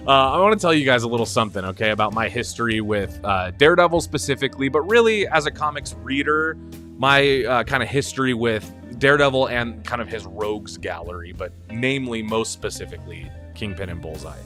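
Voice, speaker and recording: A chatty man hosts a stream with a bright, forceful voice, and faint music plays underneath. He talks in an animated way, laughs often and trips over repeated words. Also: medium pitch, brisk. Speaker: host of a live stream. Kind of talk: casual stream commentary.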